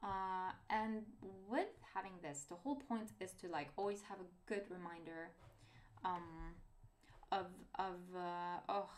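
A woman's voice: on the low side, measured pace. A young woman from Norway with a Norwegian accent, chatting casually and hesitantly about her art in a vlog, self-deprecating and rambling. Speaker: artist vlogger.

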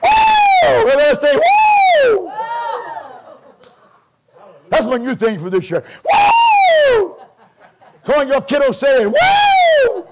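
A man preaching a Pentecostal sermon in a church as a guest preacher, fervent and often shouting, with call-and-response. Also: very high-pitched, wildly swooping pitch, quick pace, vocal fry, hardly any pauses, over a noisy crowd, very noisy. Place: church sanctuary.

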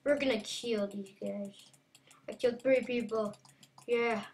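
A woman giving casual, playful game commentary, excitable and taunting. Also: a little high, unhurried, recorded from a distance. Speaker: gameplay commentator.

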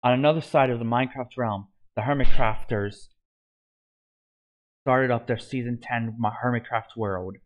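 A man's voice: medium pitch, normal speed, muffled recording. Man reading a fan story aloud. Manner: steady reading with small slips and restarts. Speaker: narrator.

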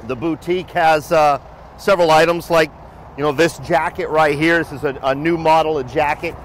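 A man's voice: fairly high pitch, moderate pace, slight background noise. Upbeat joking man hosting a walkaround tour. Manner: upbeat, joking, loud and lively. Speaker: host of a company video show. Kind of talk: casual walking tour vlog. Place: outdoors by a building, then indoors in a lobby and shop.

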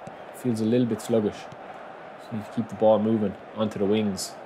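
A man commentating on his own football video game match, excitable, calling his viewers lads and bursting into shouts at big moments. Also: on the low side, background noise. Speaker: gaming YouTuber.

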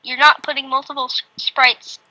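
A woman's voice: high voice, level tone, normal speed, pushed and bright, low-quality recording. A female co-host chatting casually during a game-building session, humming tunes and rambling about side topics. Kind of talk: casual chat while coding a game.

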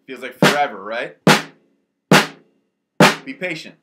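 A man's voice: mid-range voice, expressive, unhurried, pauses often. A man teaching a band lesson from home, explaining the music in an upbeat way and counting aloud to the players. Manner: upbeat, counting aloud and calling out over drums. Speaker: school band director.

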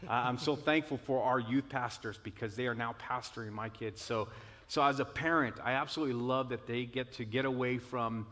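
Male pastor and parent, mid-pitched, filler-heavy speech, recorded in a reverberant room. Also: fairly even intonation, a little fast. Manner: warm-hearted, many fillers like "you know". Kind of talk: church video conversation.

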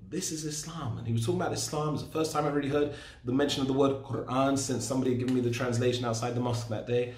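A man in his forties recounts his own story for an online audience. He speaks in an animated way and often jokes about himself. His voice has a roomy echo and sits at an average pitch. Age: 40s. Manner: storytelling, animated, self-deprecating. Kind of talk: personal testimony talk.

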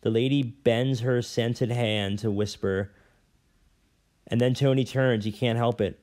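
A man reading a novel aloud at an unhurried pace, now and then stumbling and correcting himself. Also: medium pitch, steady tone, a little mellow. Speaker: reader.

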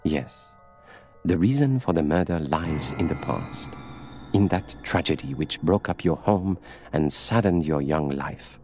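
A grave older detective with a very low voice, dry and measured as he presses his questions, read by a man. Faint music plays behind this storybook reading. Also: animated, a little mellow.

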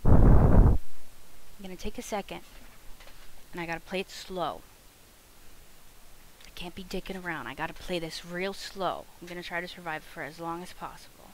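A woman streaming a video game live, swearing a lot and talking to the enemies on screen, going from loud outbursts to quiet mutters. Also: fairly low pitch, moderate pace, long pauses, background noise. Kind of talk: live gameplay commentary.

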